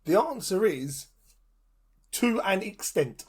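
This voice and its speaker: A man's voice: high voice, big pitch swings, takes it slowly, a little mellow, husky. A man co-hosting a podcast, telling stories in an emphatic, casual way. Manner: storytelling, emphatic. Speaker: podcast co-host.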